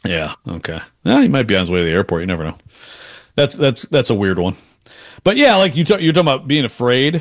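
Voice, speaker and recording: A man talking sports in a relaxed co-host chat. He rambles, trips over his openings and chuckles between points. His voice sits in an ordinary middle pitch. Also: fast. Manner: rambling, self-interrupting, chuckles often. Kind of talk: casual sports talk.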